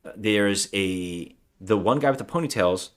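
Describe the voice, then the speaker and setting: A man's voice: lowish voice, a little slow. A man co-hosting a podcast, casually recapping a movie plot in a rambling way, acting out quotes and swearing. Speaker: podcast co-host.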